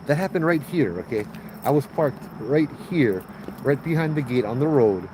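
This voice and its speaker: A man with a Hawaiian Pidgin accent hosting a livestream, telling a ghost story in a lively way and putting on high voices for the people in it. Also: moderate pace, noisy background. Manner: animated, acts out voices in high pitch. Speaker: host telling ghost stories.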